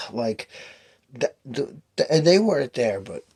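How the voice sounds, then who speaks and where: Very animated but slow, a fifties-aged man with a mid-range, slightly rough voice spins a lengthy personal tale. His telling is restless and profane, and he performs the quoted lines of the people involved.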